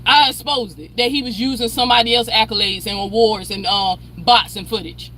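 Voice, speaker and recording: Speaking a little high and fairly quick, this woman sounds pushed and bright, with a faint hiss or hum in the audio. She hosts a commentary channel and delivers a heated, profane rant, confronting people and calling one out by repeating their name.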